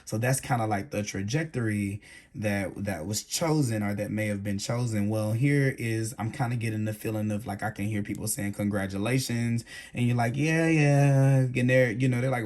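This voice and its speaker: A man's voice: lowish voice, fairly quick, a little mellow. A man giving a tarot reading, thinking aloud and searching for his words with frequent restarts. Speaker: tarot reader.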